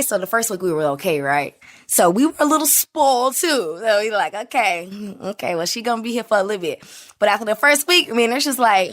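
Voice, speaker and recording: Young southern woman telling family stories, laughs a lot, lively and quick. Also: mid-range voice. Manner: animated, laughing, Southern US dialect. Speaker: interviewee, victim's aunt. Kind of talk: casual storytelling.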